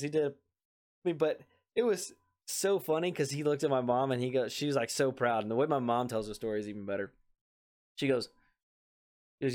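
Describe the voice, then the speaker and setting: A man co-hosting a podcast, telling family stories in a relaxed chat and laughing along the way. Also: medium pitch, fairly quick, long pauses. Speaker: podcast co-host. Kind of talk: casual storytelling chat.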